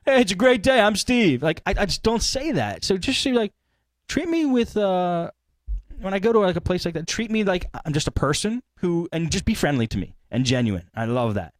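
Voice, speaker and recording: A man's voice: high-pitched, sing-song, normal speed, no echo, studio quality. A man hosting a live tech podcast, ranting casually and animatedly with laughs. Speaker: podcast host.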